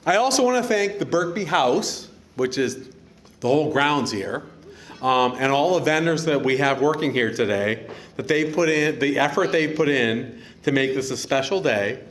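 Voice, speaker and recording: A man's voice: mid-range voice, moderate pace, a little hiss or hum. A middle-aged man, father of the bride, giving a joking wedding reception speech and teaching the guests a greeting. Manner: lively, teaching the crowd a Greek greeting, joking. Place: outdoor wedding reception venue.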